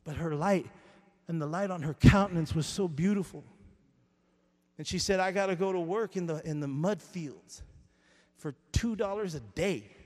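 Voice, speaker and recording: A man preaching a sermon, moving between quiet storytelling and loud, shouted exhortation, with long reverb from a church hall. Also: fairly high pitch, moderate pace.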